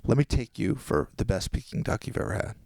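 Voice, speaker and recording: A man, a podcast guest, telling a long anecdote in casual chat and quoting people in quick voices. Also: on the low side, gravelly, a little mellow, no echo, clean studio sound.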